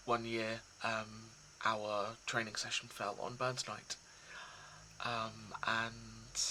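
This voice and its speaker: A man talking casually and reflectively to his viewers, soft and hesitant, with many pauses and restarts. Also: on the low side, slight background noise, poor audio. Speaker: poetry reader.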